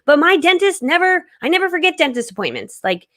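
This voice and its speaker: Bright, energetic woman hosting a live stream. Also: very high-pitched, quick pace. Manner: energetic and loud, laughs often. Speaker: host of a live-stream coaching session. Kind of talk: casual live-stream coaching talk.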